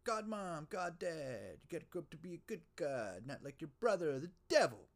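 A man doing God's shrill scolding mother. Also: very animated, moderate pace. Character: God's nagging mother scolding her sons.

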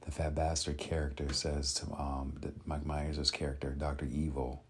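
Very deep-voiced man chatting casually. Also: little pitch movement, moderate pace, slightly rough. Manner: rambling, many fillers and restarts. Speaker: vlogger. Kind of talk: casual chat.

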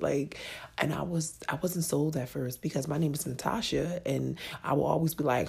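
Gravelly deep-voiced woman in her thirties. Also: moderate pace, darkish tone. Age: 30s. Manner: frank and profane, laughing easily. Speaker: podcast host. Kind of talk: candid personal storytelling.

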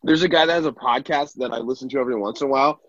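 Husky man rambling with filler words. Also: medium pitch, very fast, a bit bright, dry recording, lo-fi sound. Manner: rambling, many fillers, profane, laughing. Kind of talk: casual chat.

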